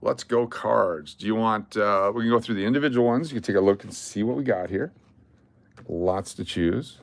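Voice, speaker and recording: A man's voice: on the low side, moderate pace, vocal fry. An older man hosting a casual livestream, rattling off lists of cards and chatting to viewers. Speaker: livestream host.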